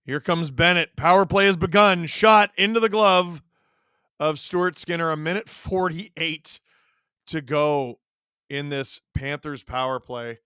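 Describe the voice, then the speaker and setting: A man hosting a live watch-along, calling the game play-by-play in an excited way and breaking into shouts on big plays. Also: on the high side, a little slow, clear, resonant tone, no room sound, clean studio sound.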